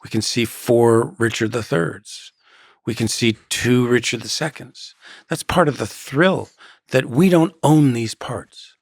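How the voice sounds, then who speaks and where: Gravelly-voiced man telling stories. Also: mid-range voice, unhurried, no echo, studio quality. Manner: reflective, anecdotal storytelling. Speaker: guest actor. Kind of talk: conversational interview.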